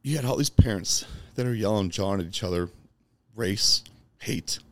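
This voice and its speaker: A man with a notably deep voice tells personal stories as a podcast guest. He speaks emphatically and from the heart, with a casual curse here and there. He grew up in Chicago. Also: normal speed, a bit bright, no echo. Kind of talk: personal storytelling in conversation.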